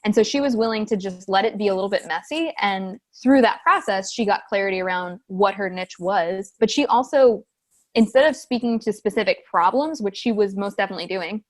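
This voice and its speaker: A woman's voice: mid-range voice, a little fast. A woman in her thirties, a business coach, talking casually as a podcast guest and acting out the voices of the people she quotes. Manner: animated storytelling, acts out quoted voices.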